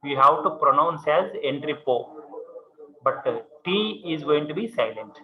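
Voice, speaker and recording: A man's voice: fairly high pitch, lively intonation, moderate pace, noisy background. Indian man teaching commerce to a class. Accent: Indian English. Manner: repetitive, checks with "okay" and "see". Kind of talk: classroom lecture. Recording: muffled classroom recording with students.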